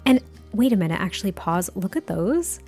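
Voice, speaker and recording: A woman giving casual gameplay commentary as a YouTuber, chatty, giddy and quick to laugh. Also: medium pitch, sing-song, a little mellow, soft background music.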